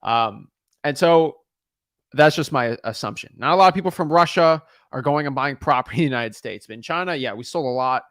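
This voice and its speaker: A man's voice: medium pitch, expressive, brisk, fairly bright tone, no echo, clean studio sound. A man casually explaining his cold calls to viewers and talking with sellers, rambling and often repeating words as he starts a sentence. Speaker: real estate wholesaler making cold calls.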